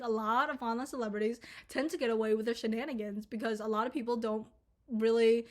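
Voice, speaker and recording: A young woman from Minnesota rants through a storytime to her camera, her voice sitting a little high. She rambles, swears freely and leans on filler words as she talks things through at home. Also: steady tone, fast, a bit bright. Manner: rambling, profane, filler-heavy with lots of "like". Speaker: storytime vlogger. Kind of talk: casual storytime rant.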